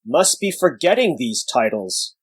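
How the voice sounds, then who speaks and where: Guy doing a huge old sad monk, gruff, drags every word, pretty dry sound. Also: medium pitch, sing-song, no echo. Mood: solemn. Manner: slow, weighty, sorrowful delivery. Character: century-old giant warrior monk elder, sad and gruff.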